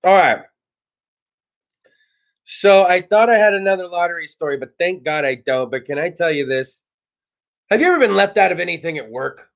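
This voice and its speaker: A man hosting a casual comedy talk show, telling stories in a brash, profane, animated way. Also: high-pitched, moderate pace, gravelly, pauses often. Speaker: host.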